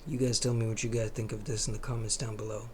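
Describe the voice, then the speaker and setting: A man hosting a reaction video, commenting casually in a slow, drawn-out way and swearing freely. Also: lowish voice, little pitch movement, a little hiss or hum.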